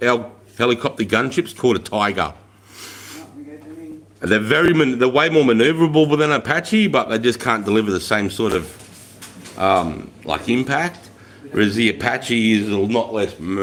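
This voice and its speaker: A middle-aged man with an Australian accent hosts a relaxed livestream. He talks bluntly and casually, peppering his talk with slang and swearing. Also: lowish voice. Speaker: livestream host.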